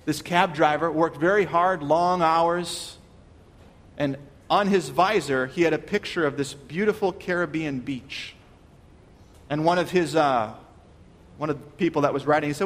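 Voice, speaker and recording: A man's voice: a little high, moderate pace, in a large hall. A man preaching a sermon, earnest and questioning, often restarting his words. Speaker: pastor.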